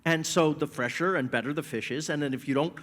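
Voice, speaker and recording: A man's voice: fairly high pitch, fast talker. An older man telling family stories as a guest at a live stage interview, acting out voices as he goes. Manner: animated storyteller, acts out family voices. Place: stage in a large hall. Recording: reverberant hall.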